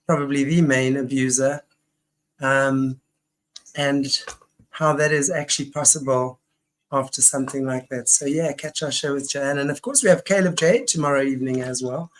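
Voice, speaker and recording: A woman's voice: very deep voice, fairly even intonation, normal speed. A woman hosting an online talk show, rambling and enthusiastic with many restarts. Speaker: host. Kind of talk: casual online show chat.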